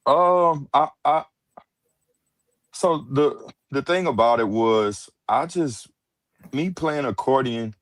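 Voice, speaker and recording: A man's voice: medium pitch, slow, long pauses, fairly bright tone, no room sound. A man from Houston, a musician guest talking easily in an interview, full of restarts and polite replies. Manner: easygoing, many restarts and "uh"s, polite "yes, ma'am". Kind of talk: casual interview chat.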